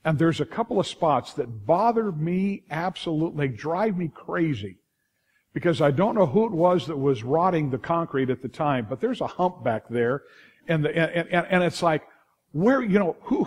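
A middle-aged pastor with a Californian accent preaches a sermon as lively storytelling, full of restarts and asides to the congregation. His voice is a little high and husky, at normal speed.

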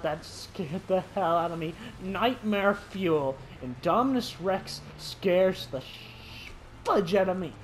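A man's voice: high-pitched, a little hiss or hum. A man giving let's play commentary who talks to the dinosaurs on screen and yelps and shrieks when startled. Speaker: gaming commentator.

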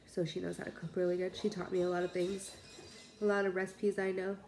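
A woman's voice: lowish voice, little pitch movement, a little fast, darkish tone. A young pregnant woman chatting casually to her camera while cooking in her home kitchen, rambling and laughing often. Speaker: cooking vlogger.

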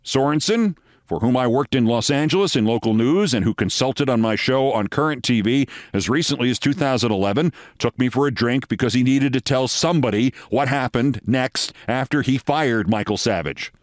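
A man's voice: mid-range voice, moderate pace, no echo, studio quality. A man hosting a podcast, delivering a scripted commentary monologue with sardonic, emphatic storytelling. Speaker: podcast host.

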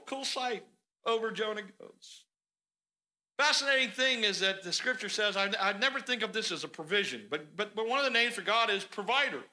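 A male pastor delivers a sermon in a church sanctuary with a notably high-pitched voice. His tone is very bright and cutting. He tells the story in an animated, conversational way. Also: poor audio.

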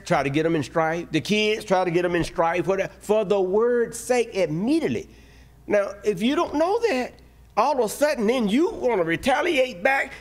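A man preaching from the pulpit with a voice that sits on the higher side. He speaks, animated and conversational. He breaks into short acted voices for emphasis. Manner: animated preaching with playful voiced asides and laughs. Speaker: pastor. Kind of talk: sermon.

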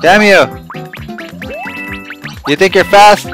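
A man playing a platform game and commenting, often yelling and cursing at enemies, then calming down to chat with his viewers. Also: high-pitched, takes it slowly, over music. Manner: excitable, swearing, yelling at the game. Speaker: let's play host. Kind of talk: gameplay commentary.

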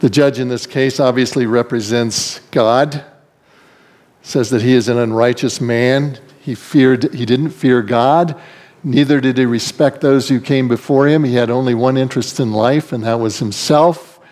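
A male pastor preaching a sermon to his congregation, swinging between soft, quick asides and raised, stressed lines. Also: mid-range voice, steady tone. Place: church sanctuary.

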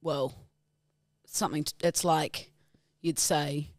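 A woman's voice: deep voice, fairly even intonation, slow pace, dry recording, studio quality. A woman co-hosting a podcast, playfully acting out silly scenes in casual chat. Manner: playful, puts on silly voices for people in her stories. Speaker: podcast co-host.

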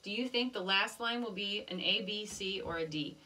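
A woman teaching a music lesson to young children, gently encouraging and chanting rhythm syllables in a sing-song voice. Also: mid-range voice, normal speed, far from the mic.

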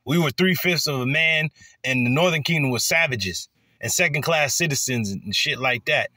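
A man's voice: a little high, normal speed, sharp tone, dry recording. A man preaching scripture in a heated, profane way, acting out quoted voices. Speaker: street preacher.

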